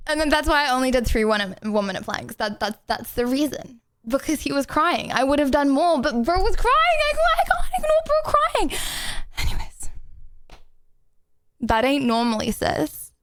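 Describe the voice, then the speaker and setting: High-voiced bubbly woman streamer. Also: normal speed, hardly any pauses. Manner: bubbly and rambling, talking to chat. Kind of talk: casual live-stream chatter.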